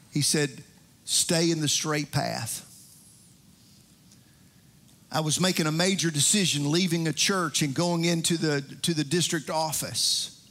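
A man's voice: fairly high pitch, creaky, fairly bright tone. An older man preaching a sermon as pastor, with rising emphasis and frequent restarts.

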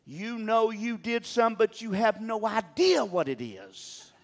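A man's voice: high-pitched, sing-song, measured pace. A man preaching a sermon, talking emphatically and calling on the congregation to answer him. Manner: emphatic, calls on the congregation to respond.

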